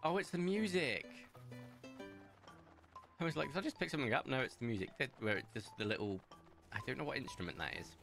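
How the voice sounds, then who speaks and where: A man's voice: medium pitch, big pitch swings, fairly quick, gravelly, pauses often. A young man chatting casually while streaming a video game, rambling into stories and asides. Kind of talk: casual gameplay commentary. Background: faint game music.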